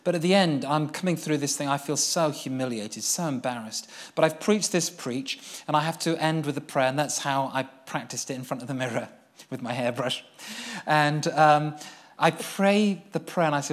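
A young man preaching as he tells a personal testimony, earnest and storytelling, swinging from excited to hushed. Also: mid-range voice, normal speed.

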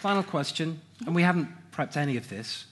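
A man's voice: fairly high pitch, lively intonation, fairly quick, a loud crowd, heavy background noise. A man leading a church interview, asking questions in a hesitant, conversational way. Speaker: church leader interviewing a member.

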